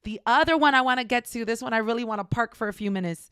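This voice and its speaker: A woman's voice: a little high, fast, hardly any pauses, a bit bright, smooth, no echo, studio quality. A young adult woman, a counselor, teaching an informal class in an emphatic, conversational way and repeating her key points.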